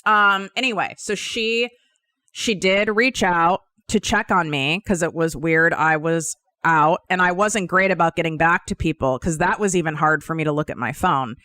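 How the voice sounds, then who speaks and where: A woman's voice: lowish voice, normal speed, sharp tone, no room sound, studio quality. A woman podcast host in her thirties telling a personal story in a candid, confiding way, emphatic and casually swearing.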